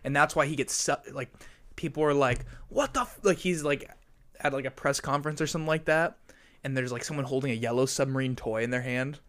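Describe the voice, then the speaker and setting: A man's voice: mid-range voice, steady tone, fast talker, fairly bright tone. A young man in casual podcast chat, swearing a lot and laughing often.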